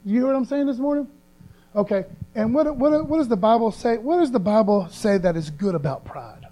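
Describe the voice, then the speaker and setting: Folksy high-voiced preacher. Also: male voice, lively intonation, fairly quick, warm tone, poor audio. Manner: folksy, conversational preaching with emphatic scripture reading. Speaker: pastor. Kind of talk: sermon.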